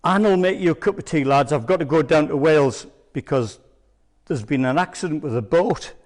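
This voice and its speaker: A man quoting a friend as a startled, hurried boat owner in a storytelling sermon. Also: on the high side, big-room sound, lightly acted. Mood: alarmed.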